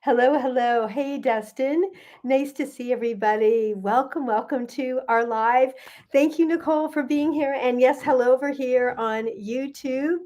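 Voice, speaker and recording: A middle-aged woman, a gut health coach, chatting warmly and greeting viewers by name as she hosts a livestream. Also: sits high, moderate pace.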